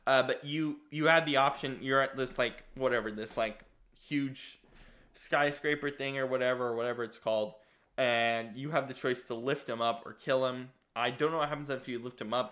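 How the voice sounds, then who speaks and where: A man's voice: medium pitch, fairly bright tone. A young man co-hosting a podcast, rambling through a casual chat with lots of restarts and laughs. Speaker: podcast co-host.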